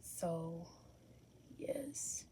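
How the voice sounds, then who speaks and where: Whispering very slowly, a young adult makeup vlogger talks casually through a tutorial at home, chatty and candid, correcting herself as she goes. Her lowish voice is expressive, dark in tone and slightly rough.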